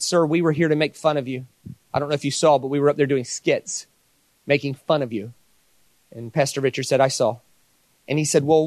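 Male preacher, sermon delivery, fairly high voice, dry close sound. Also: no echo. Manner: animated storytelling with mock voices. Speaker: pastor.

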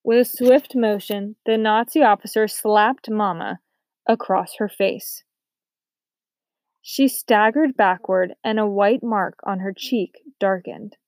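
Female narrator for a children's novel: steady, soft-spoken, mid-pitched, recorded dry and close. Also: slow pace, dry recording. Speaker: audiobook narrator. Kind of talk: scripted narration.

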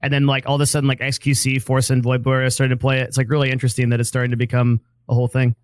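A young man co-hosting a casual podcast, talking quickly with lots of "like" and "um". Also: mid-range voice, monotone. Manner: quick, chatty, filler-heavy.

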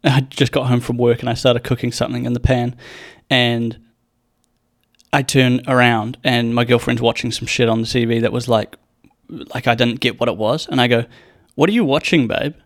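A man's voice: mid-range voice, level tone, moderate pace. A young man hosting a casual solo podcast, rambling and joking with plenty of swearing and acted-out quotes. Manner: rambling, profane, jokey, acts out quotes. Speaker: podcast host.

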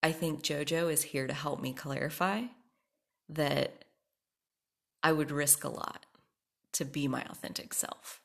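A woman's voice: low-pitched, fairly even intonation, measured pace, vocal fry, long pauses, a bit bright. A woman hosting her own podcast, talking candidly and with emphasis in a personal monologue, swearing freely. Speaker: podcast host.

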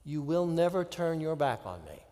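A man preaching a sermon, with dramatic pauses and drops to a hushed voice. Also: on the high side, big pitch swings, long reverb tail. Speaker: pastor.

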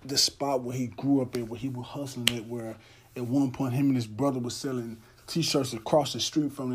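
A young podcast host tells a heartfelt story in a loose, earnest monologue, often restarting his sentences. His voice is husky and medium in pitch, and the talk is casual.

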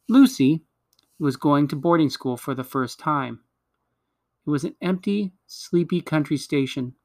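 Higher-voiced man reading a storybook. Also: no echo, clean studio sound. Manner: measured, with occasional slips and self-corrections. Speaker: reader. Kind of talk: reading a children's novel aloud.

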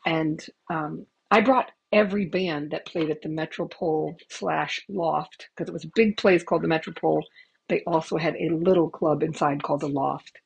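Chatty storytelling woman with a low voice. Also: fairly even intonation, normal speed, gravelly, darkish tone, husky, low-quality recording. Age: middle-aged. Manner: chatty, swearing, laughing asides. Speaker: podcast host. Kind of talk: casual storytelling. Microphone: headset microphone.

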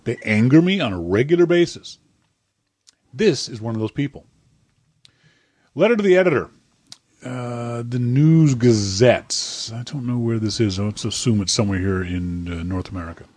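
A man co-hosting a podcast, talking bluntly and swearing freely. His pitch swings widely as he rants. The voice is a little husky and sits dry and close to the mic. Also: lively intonation, moderate pace, a little mellow, no echo. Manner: blunt, profane, grumpy ranting. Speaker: podcast co-host. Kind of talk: casual comedic podcast chat.

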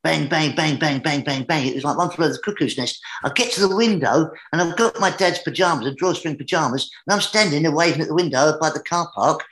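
An English man tells a comic tale from his youth, his voice pitched a touch high and growing livelier as the story builds. The recording sits in a roomy space with a noticeable echo. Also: fast, few pauses, fairly bright tone. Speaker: guest entertainer. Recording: roomy echoey room.

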